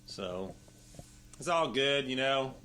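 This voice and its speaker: A man's voice: medium pitch, lively intonation, slow, a crowd in the background. A man telling rambling, profane stories in a casual interview, tagging nearly every line with "you know" and "right". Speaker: interview guest. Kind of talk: casual storytelling.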